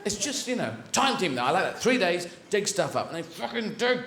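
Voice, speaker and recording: A stand-up comedian on a big theatre stage, talking in a rambling, digressive way with a lively, swooping pitch. His voice sits a little higher than most men's. The recording has strong room echo and clearly audible audience noise. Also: brisk, few pauses. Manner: rambling, animated, digressive, swears freely.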